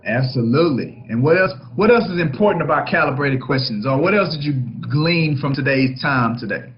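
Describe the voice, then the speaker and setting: A man's voice: on the high side, animated, a little fast, lo-fi sound. A man, a real estate broker, coaching his agents through a negotiation book chapter and checking in with "right?" after nearly every point. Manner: emphatic, keeps checking in with "right?".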